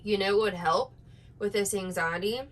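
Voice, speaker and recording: A woman's voice: mid-range voice, fairly even intonation, normal speed, poor audio. A woman giving casual reaction commentary, sarcastic and exasperated, rambling with restarts. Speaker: commentary YouTuber.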